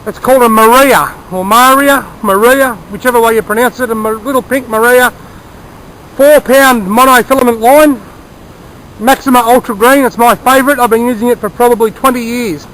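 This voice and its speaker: High-voiced fishing vlogger. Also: male voice, fairly even intonation, brisk, a bit bright, a little hiss or hum, rough recording. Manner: chatty, enthusiastic, explains gear and tips. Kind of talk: casual outdoor narration. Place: outdoors by a small creek.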